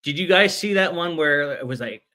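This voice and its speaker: A man hosting a casual football podcast, lively and playful, chatting with his co-hosts. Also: on the high side, moderate pace. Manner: lively, hamming up mock British titles. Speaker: podcast host. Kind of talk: casual sports podcast chat.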